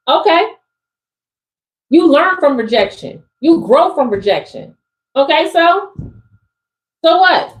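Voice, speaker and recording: This spiritual coach, an East Coast woman whose voice sits high, reads tarot live with expressive delivery, speaking a little slowly and pausing often. She's emphatic and slangy, repeating herself, on a rough recording.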